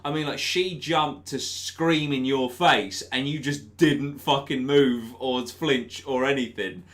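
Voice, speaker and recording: A young man, a YouTube host answering viewer questions in casual, sweary chat and mimicking people loudly. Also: medium pitch, slow pace. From England.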